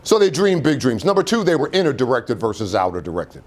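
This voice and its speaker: Speaking quickly and barely pausing, a medium-pitched male motivational speaker addresses an auditorium audience. The delivery is animated and preacher-like, packed with rhetorical questions.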